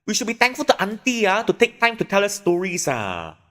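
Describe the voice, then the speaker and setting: A squeaky, cheeky little kid with a lilt, chattering as he reads out a game's lines, as a man puts him on. The voice leaps up high and lively, with a bright, pushy edge and a long reverb trailing behind it. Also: a little fast, full character voice. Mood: scolding.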